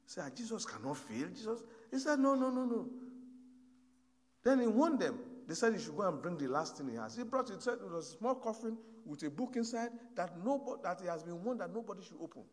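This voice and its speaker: Male preacher, storytelling sermon, high lively delivery, long hall reverb. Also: quick pace, hardly any pauses. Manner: storytelling, swings from hushed to loud exhortation.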